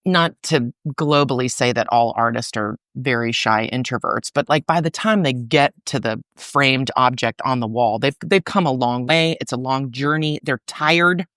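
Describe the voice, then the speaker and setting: A middle-aged woman talking as a podcast guest about her arts organization, in a chatty, animated way full of fillers. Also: extremely low pitch, normal speed, dry recording, clean studio sound. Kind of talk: casual interview conversation.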